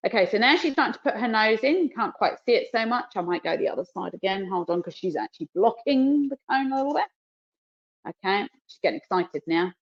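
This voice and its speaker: A woman with a New Zealand accent, a dog trainer teaching a live demonstration. She explains each step and breaks off to cue and praise her dog softly. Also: a little high. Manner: explains while cueing the dog, soft praise. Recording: dull lo-fi webinar audio.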